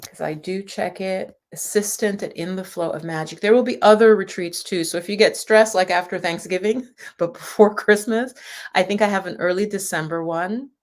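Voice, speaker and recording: A woman's voice: mid-range voice, moderate pace. A woman yoga and meditation teacher talking casually and reassuringly to viewers of a livestream. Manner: chatty, reassuring, sometimes laughing.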